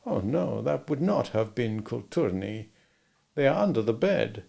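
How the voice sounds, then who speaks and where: A man voicing a shy, teasing young Russian woman who speaks softly and slowly in an audiobook. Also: medium pitch, sing-song, gravelly, full character voice. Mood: coy.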